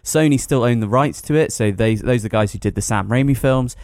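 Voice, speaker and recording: Co-host and film reviewer, man, mid-pitched, laid-back rambler, dry mic. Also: a little fast, darkish tone, dry recording. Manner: easygoing, rambling with filler words and laughs. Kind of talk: casual chat.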